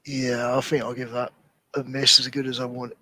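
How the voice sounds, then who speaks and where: A man chatting on a live stream with friends, excitable and quick to laugh and exclaim. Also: mid-range voice, dry recording. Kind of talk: casual stream chat.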